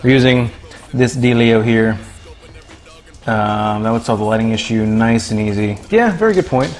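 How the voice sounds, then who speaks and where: A man's voice: lowish voice, moderate pace, soft background music. A man casually chatting while cooking in his home kitchen on a live stream, joking and calling out viewers by name. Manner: excitable, jokey, thanks viewers by name. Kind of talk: casual livestream chat.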